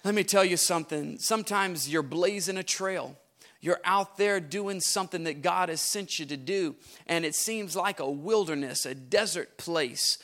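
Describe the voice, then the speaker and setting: A man preaching a livestreamed sermon, swinging from hushed, slow lines to shouted, sing-song repeated phrases. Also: high-pitched. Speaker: pastor.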